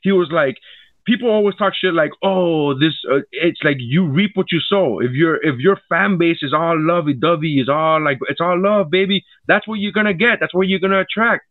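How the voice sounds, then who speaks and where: A comedian co-host chatting casually, spinning stories and acting out other people's lines with plenty of swearing. His voice sits a little high. The sound is dry and thin, as if heard down a phone line. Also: normal speed, no echo. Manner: animated storytelling, acts out quotes, swears often. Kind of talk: casual chat.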